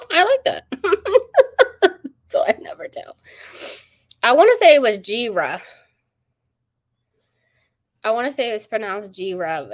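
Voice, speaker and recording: Book-channel host, woman, chatty and quick to laugh, mid-pitched voice, greets her chat. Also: a little mellow. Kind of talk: casual livestream chat.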